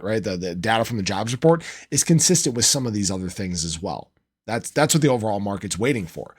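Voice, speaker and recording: A man in a relaxed commentary vlog, walking his viewers through a price chart at an easygoing clip. His voice sits in an ordinary middle register, and he keeps things conversational, correcting himself as he goes. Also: mid-range voice. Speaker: crypto channel host. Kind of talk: casual market commentary to viewers.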